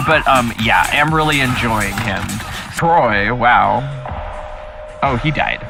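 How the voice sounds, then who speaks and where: A man co-hosting a casual live stream, reading chat comments aloud and reacting with excitable, exclamatory energy. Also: medium pitch, slow, gravelly. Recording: music playing behind the voice.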